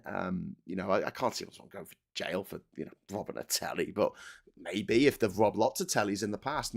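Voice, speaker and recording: A man's voice: deep voice, a little fast, vocal fry. A man hosting a political commentary monologue, ranting with passion and repeating himself. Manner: impassioned, repetitive, ranting. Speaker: host.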